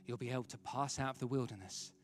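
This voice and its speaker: A pastor, preaching a sermon in a dramatic storytelling way, swinging from loud to hushed. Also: male voice, medium pitch, quick pace. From London, England. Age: 30s. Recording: reverberant hall, faint music.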